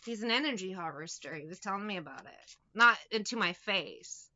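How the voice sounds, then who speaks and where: Bright-voiced, profane woman tarot reader. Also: medium pitch, animated, a little fast, lo-fi sound. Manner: profane, blunt and mocking. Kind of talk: casual spoken tarot reading.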